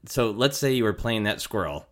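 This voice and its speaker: Deep-voiced man asking curious questions. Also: animated, normal speed. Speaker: podcast host. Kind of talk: casual interview chat.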